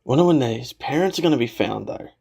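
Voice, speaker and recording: A man reacts to a film in a casual, chatty way, laughing often and peppering his talk with "like." His voice is gravelly. His pitch rises and falls a lot. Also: expressive, fast, mellow. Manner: laughs often, swears, fills with "like" and "you know". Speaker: movie reaction host. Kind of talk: casual movie reaction commentary.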